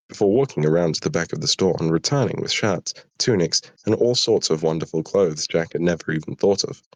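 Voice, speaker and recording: Tired low-voiced British man, southern English accent, live story reading, dry sound. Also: no room sound. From Britain. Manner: apologetic, chatty asides. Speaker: streamer reading his own story.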